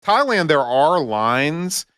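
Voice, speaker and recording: A man's voice: fairly high pitch, sing-song, slow, a bit bright, clear, resonant tone, dry recording, clean studio sound. A man co-hosting a casual podcast, telling stories with self-mocking jokes. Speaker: podcast co-host. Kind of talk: casual chat.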